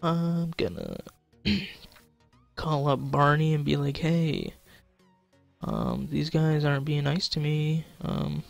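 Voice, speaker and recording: Gravelly young man swearing at a game. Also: fairly high pitch, steady tone, slow pace, pauses often, faint music behind. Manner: swearing, frustrated, joking, talking to chat. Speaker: gaming YouTuber. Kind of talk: casual gameplay commentary.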